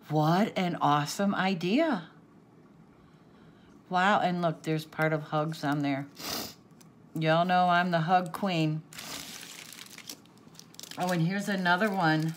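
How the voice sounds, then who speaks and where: This crafting host's lowish, fairly bright voice moves slowly with long pauses as she unboxes happy mail off camera for viewers. She's teary and sniffly, gasping and laughing in delight, and there's a little hiss or hum in the audio.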